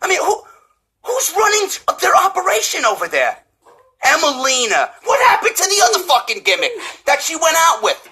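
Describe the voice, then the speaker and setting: A man with a New York accent tears into the subject in a profane, mocking rant that keeps breaking into shouts. His voice sits high and bright and swings widely in pitch. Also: huge pitch swings, fairly quick. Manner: swearing, often shouting, mocking. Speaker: wrestling reviewer.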